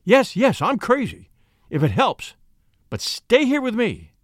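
A man's voice: high-pitched, wildly swooping pitch, a little slow, dry recording, studio quality, voice pushed up, heavily acted. A man reading a story aloud, voicing a frightened mother whose cries grow urgent and frantic. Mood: desperate. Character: frightened woman, a mother sensing danger. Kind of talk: audiobook reading.

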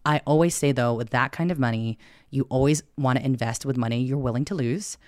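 A woman's voice: a bass voice, fairly quick, a little mellow, dry recording, clean studio sound. A woman who is a personal finance guest on a casual podcast, talking in a candid, chatty way and swearing now and then.

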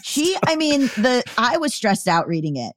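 A woman hosting a podcast, chatting casually and telling lively stories with quoted dialogue. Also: a little high, normal speed, dry recording, studio quality. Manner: chatty, animated storytelling with quoted voices. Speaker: podcast host.

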